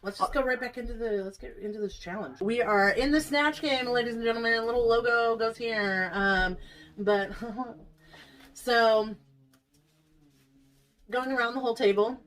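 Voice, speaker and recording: A woman's voice: on the high side, fairly even intonation, moderate pace, a bit bright, low-quality recording. A woman hosting a casual review chat, recapping scenes and laughing easily. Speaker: host.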